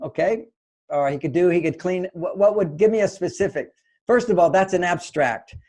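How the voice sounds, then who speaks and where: Older male advice author, mellow and slightly high-pitched, patient teaching manner. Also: normal speed, rough recording. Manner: gentle, explanatory, acts out little dialogues. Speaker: relationship author and guest. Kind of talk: conversational advice interview.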